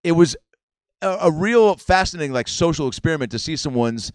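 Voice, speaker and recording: A man's voice: a little high, lively intonation, brisk, clean tone, dry recording. A man hosting a podcast, telling a long story casually and acting out the quotes. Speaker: podcast host. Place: comedy club room.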